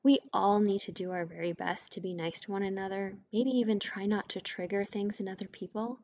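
A woman's voice: mid-range voice, fairly even intonation, brisk, a little mellow, dull audio. Woman coaching listeners, direct and emphatic. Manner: direct, conversational, emphatic on key points. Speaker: podcast host, mindset coach. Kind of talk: scripted solo podcast teaching.

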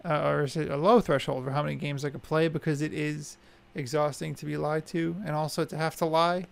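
A man's voice: a little high, flat delivery, a little fast, vocal fry. A man co-hosting a casual podcast, wry and joking. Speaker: podcast co-host.

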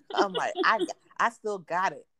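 An unhurried woman with a mid-range voice and vocal fry, recorded without room sound. She's in her thirties, casually chatting on a podcast she co-hosts, narrating stories and acting out what people said.

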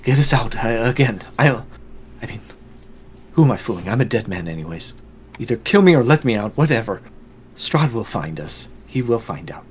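A man voicing a despairing, doomed man who speaks low and defeated. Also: sing-song, normal speed, breathy edge, highs cut off. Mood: resigned.

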